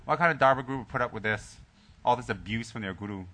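A man teaching the Dharma to his group begins with some joking, then shifts to quietly and calmly telling a story. His voice is medium-pitched, and his delivery is full of pauses and restarts.

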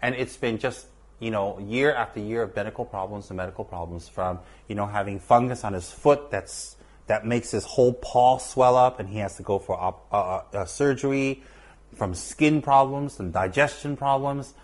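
A man telling a personal story in an earnest, measured way, repeating words for emphasis. He is a teacher with students at a monastery. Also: fairly low pitch.

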